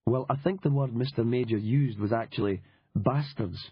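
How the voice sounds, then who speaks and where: A man with a husky voice playing a cynical, wry male reporter who swears freely and talks with dry determination. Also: medium pitch, normal speed, no room sound. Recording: dull lo-fi audiobook recording.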